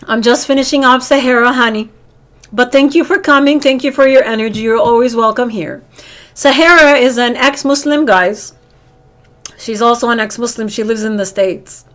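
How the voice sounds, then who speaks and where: A woman's voice: fairly high pitch, normal speed, a bit bright. Earnest woman hosting a live stream. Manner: earnest, preachy, addresses viewers as honey. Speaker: livestream host. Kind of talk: casual live-stream talk to viewers.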